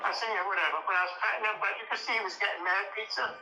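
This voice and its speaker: A man's voice: high-pitched, steady tone, racing, creaky, noisy background. Blunt, profane man telling a story. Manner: blunt, profane, rambling with restarts. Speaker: interview guest. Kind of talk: casual storytelling interview. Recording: echoey room with music behind.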